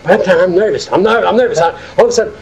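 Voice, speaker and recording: Elderly new man, very high voice, lively oral history storytelling, echoey room. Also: rapid-fire. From Hackensack, New Jersey. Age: older. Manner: animated, acts out quoted dialogue. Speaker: war veteran interviewee.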